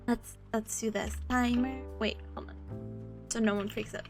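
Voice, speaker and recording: A woman's voice: a little high, level tone, normal speed, soft background music. A young woman from the southern United States, chatting casually with her live chat as a streamer, giggly and playful.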